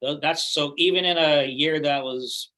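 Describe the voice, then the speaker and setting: A middle-aged man from California, a guest actor chatting casually in an interview, relaxed and rambling with many fillers. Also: on the high side, a little slow. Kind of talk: casual video-call interview.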